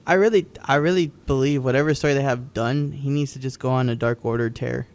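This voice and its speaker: A man's voice: medium pitch, fast talker, darkish tone, clean tone. A man co-hosting a podcast, recapping wrestling matches in casual, rambling chat with frequent ums and restarts. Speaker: podcast co-host.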